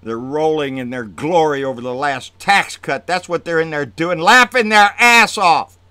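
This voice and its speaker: A man delivering an angry, profane political rant on his own channel, swinging from low muttering to loud outbursts. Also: normal speed, clean tone, no room sound. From Texas. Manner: profane, fired-up, swings between muttering and shouting. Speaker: political vlogger.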